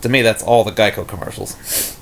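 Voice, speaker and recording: Man, low gravelly voice, rambling scornful rant, faint background noise. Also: fairly quick, a bit bright. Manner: rambling, many fillers and restarts; irritated, scornful. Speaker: video commentator. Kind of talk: unscripted rant.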